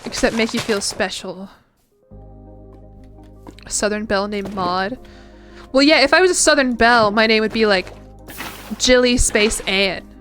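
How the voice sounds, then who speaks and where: A young American woman with a slightly high voice chats loosely with her viewers while she plays a game. She giggles a lot and wanders through her thoughts with plenty of fillers. Soft music plays quietly underneath. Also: normal speed, pauses often. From United States. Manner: giggly and chatty, laughs often; rambling with frequent "like" fillers. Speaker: streamer. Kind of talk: casual chat while gaming.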